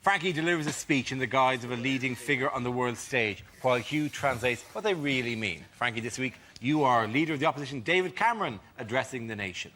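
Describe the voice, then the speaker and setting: A man hosting a comedy panel game, briskly announcing rounds. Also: medium pitch. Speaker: quiz show host. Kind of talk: game show presenting. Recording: noisy studio with audience.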